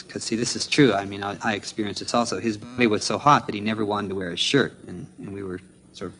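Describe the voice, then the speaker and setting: A man with a fairly low voice tells a personal story in an earnest, measured way. He often restarts his phrases and stops to explain unfamiliar words. A faint hum of room ambience sits behind him. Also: fairly even intonation, a bit bright. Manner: earnest, halting, explains foreign terms as he goes. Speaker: speaker sharing trip experiences at a spiritual gathering.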